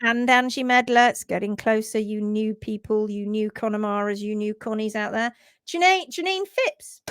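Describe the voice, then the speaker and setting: A woman hosting a live stream in casual chat, excitedly greeting viewers by name. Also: medium pitch, moderate pace, clean tone, no echo, studio quality. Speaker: livestream host.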